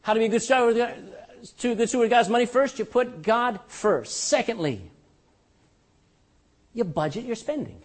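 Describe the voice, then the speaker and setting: An older man preaching a sermon as pastor, animated and joking, with rhetorical questions to his congregation. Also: extremely high pitch, moderate pace, long pauses.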